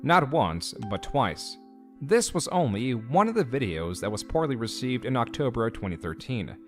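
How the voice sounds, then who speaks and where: A man reading scripted documentary narration in a measured, critical, even delivery. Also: mid-range voice. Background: faint background music.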